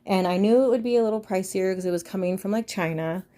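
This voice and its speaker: A woman's voice: medium pitch, fast talker, dark tone. Profane, rambling woman podcast host. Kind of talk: casual venting chat.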